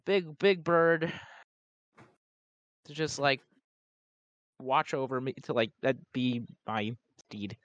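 Man, tabletop player, slow, halting, thinking aloud, dull dry recording. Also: mid-range voice, lively intonation, fairly bright tone, no room sound. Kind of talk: casual tabletop gaming chat. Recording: dull lo-fi mic.

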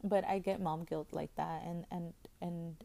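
A woman's voice: on the low side, fairly even intonation, a little slow, gravelly, warm tone. A woman in her thirties hosting a podcast, talking in a rambling, casual way with many fillers and restarts, openly emotional. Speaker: podcast host. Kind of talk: casual chat.

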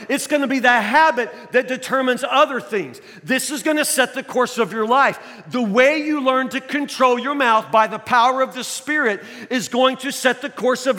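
Emphatic older preacher in a hall. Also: male voice, very high voice, moderate pace, few pauses, pushed and bright. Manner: folksy, emphatic preaching with rhetorical questions. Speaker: pastor. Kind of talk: sermon.

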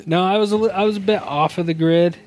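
A man's voice: high voice, fairly even intonation, fast, darkish tone, a little hiss or hum. A man co-hosting a podcast in casual chat, upbeat and chatty, often laughing as he talks. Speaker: podcast co-host.

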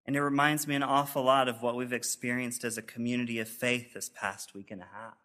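A male pastor giving a sermon, reading letters of support aloud in an earnest, measured way. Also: mid-range voice, flat delivery, pushed and bright. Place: church sanctuary.

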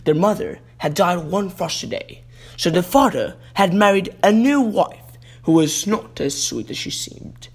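A man's voice: sits high, lively intonation, a little slow, breathy edge. A podcast host, a man, casually reading a children's fairy tale, chatty and prone to correcting himself.

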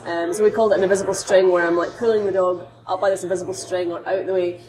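A woman's voice: lowish voice, little pitch movement, rapid-fire, crowd noise. A woman, a dog behaviourist co-hosting a casual talk, chatty and anecdotal with frequent fillers. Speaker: dog behaviourist, podcast co-host. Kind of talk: casual conversation.

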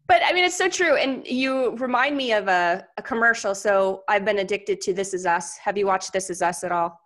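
A woman's voice: medium pitch, moderate pace. A woman hosting a podcast, chatting casually and telling stories with enthusiasm. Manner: enthusiastic, animated storyteller. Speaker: podcast host.

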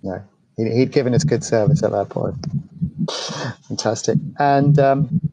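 A man interviewing a guest, friendly and agreeable, quick to affirm what he hears. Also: mid-range voice, warm tone, husky, no room sound, dull audio. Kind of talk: casual interview talk.

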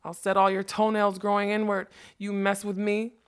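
A woman's voice: fairly low pitch, steady tone, normal speed, fairly bright tone. A woman doing a weary self-doubting male magician. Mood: furious. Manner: rueful, heavy-hearted.

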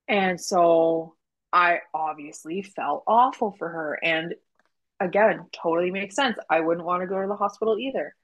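Lower-voiced woman telling a story. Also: poor audio. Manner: animated retelling with quoted dialogue and laughs. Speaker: doula telling her story. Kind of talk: casual podcast storytelling.

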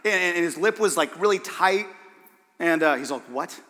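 A man preaching as a pastor, telling a story in an animated way and acting out the voices of the people in it. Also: high voice, moderate pace, long reverb tail. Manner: animated, acts out the voices in his stories. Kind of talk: sermon storytelling.

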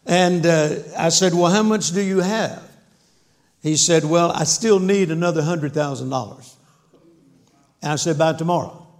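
Gravelly folksy preacher man. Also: a little high, unhurried. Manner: folksy, humorous, acts out dialogue. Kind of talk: storytelling sermon. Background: audience laughter.

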